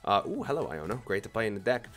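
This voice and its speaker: A young man hosting a casual card-opening video, chatting excitably and teasing the cards as he flips through them. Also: fairly low pitch, quick pace. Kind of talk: casual commentary while opening packs.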